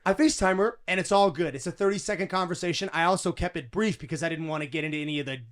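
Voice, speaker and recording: A man hosting a podcast, telling a story in a lively, animated way with frequent restarts. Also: fairly high pitch, very fast. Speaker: podcast host. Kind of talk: casual interview chat.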